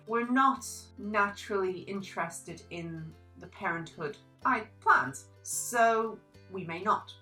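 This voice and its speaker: Woman, young adult, book review vlog, animated and gushing, bright tone, lively pitch. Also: poor audio. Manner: animated, gushing, reads quotes aloud.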